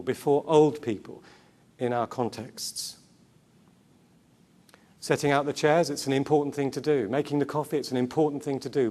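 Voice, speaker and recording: A man's voice: medium pitch, a little mellow. A man giving a sermon-style talk to a Christian gathering, earnest, asking rhetorical questions and repeating key words. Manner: quick asides and self-corrections. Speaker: conference speaker.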